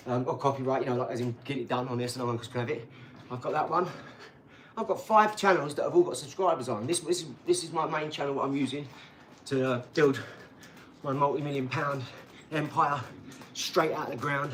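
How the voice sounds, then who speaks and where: A man's voice: fairly high pitch, a bit bright, a little hiss or hum. A man, talking casually on a live stream in a rambling, cheeky way and laughing between his remarks.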